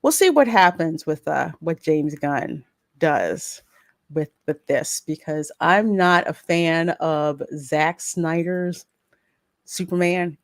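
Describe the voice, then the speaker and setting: Low, unhurried woman podcast host. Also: no echo, clean studio sound. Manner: opinionated, animated, laughs often. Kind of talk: casual pop culture chat.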